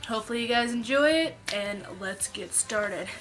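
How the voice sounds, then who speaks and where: A woman's voice: a little high, moderate pace. A young woman vlogging casually to camera, chatty, with many "like"s and a sore throat. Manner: chatty, animated storytelling with many "like"s.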